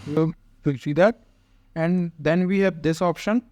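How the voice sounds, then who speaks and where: A man's voice: fairly high pitch, unhurried, a little mellow, no echo, clean studio sound. Chatty male tech tutorial host. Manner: chatty, many "uh" fillers, explains step by step. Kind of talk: casual screen-recorded software walkthrough.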